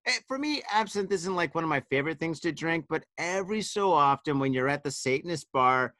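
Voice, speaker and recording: A man's voice: on the high side, lively intonation, fairly quick, pushed and bright, dry recording. Rambling, profane, tipsy man. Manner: profane, rambling storyteller, says dude and man a lot. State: tipsy from wine. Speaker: podcast host. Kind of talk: casual chat.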